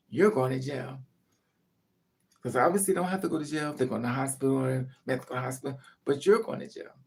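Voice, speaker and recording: A woman's voice: sits low, creaky, a little mellow. A woman vlogger telling a rambling, profane story in casual chat to her viewers.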